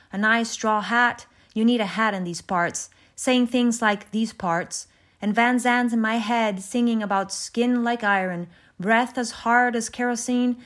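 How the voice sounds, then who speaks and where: A woman reading a first-person story aloud in a measured, reflective narration. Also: on the high side. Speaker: audiobook narrator. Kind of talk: scripted narration.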